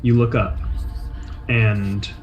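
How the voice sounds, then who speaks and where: A man narrating a tabletop game as game master, describing scenes in a measured, atmospheric way. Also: fairly low pitch, level tone, highs cut off. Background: faint soundtrack music.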